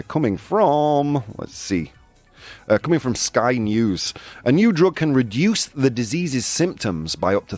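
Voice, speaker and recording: A man's voice: mid-range voice, darkish tone, dry recording. A man hosting a casual live stream, chatting through the news and reading viewers' comments, chatty and self-deprecating, often laughing and stumbling over hard words. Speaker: podcast host.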